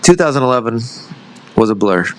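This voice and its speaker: A man's voice: mid-range voice, big pitch swings, brisk, slight background noise, rough recording. A man in his thirties, a retired army veteran, talks as a podcast guest. He tells his story in a loose, rambling way, swears freely and pokes fun at himself as he goes. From United States. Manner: rambling, profane, self-deprecating storyteller. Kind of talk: casual storytelling interview.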